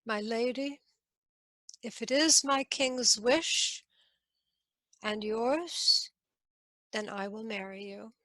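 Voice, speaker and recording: A woman storyteller voicing an honorable young knight who speaks softly and dutifully. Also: fairly high pitch, slow pace, pauses often, dry recording. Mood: resigned.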